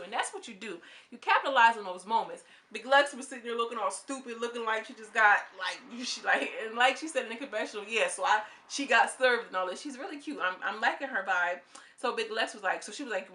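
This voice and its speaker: Young woman with a bright, sharp voice, talking candidly and opinionated in a casual review vlog. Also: on the high side, animated, fast talker. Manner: candid, slangy, opinionated, goes off on tangents. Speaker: reality TV reviewer.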